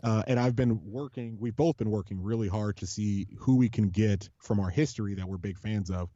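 A man with a mellow, dark voice chats on a podcast, rambling through fan stories with many restarts and plenty of swearing. The sound is dry and a little muffled, with no room echo. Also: on the low side, brisk. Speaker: podcast co-host, supporters' group leader. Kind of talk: casual podcast chat.

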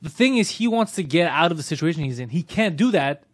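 A man bantering in casual chat, blunt and quick with jokes. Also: a little high, big pitch swings, no echo. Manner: wisecracking, blunt.

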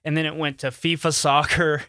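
A man's voice: a little high, level tone, moderate pace, bright, forceful tone, clear, resonant tone. A man co-hosting a radio show, explaining himself sheepishly in casual banter.

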